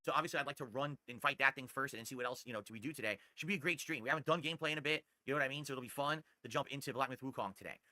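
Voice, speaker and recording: Guy streaming from home, ranting fast and cocky, very bright voice, dry close mic. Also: medium pitch, no room sound. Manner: ranting, brash and boastful. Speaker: streamer host. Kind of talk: casual podcast-style livestream monologue. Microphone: desktop condenser mic.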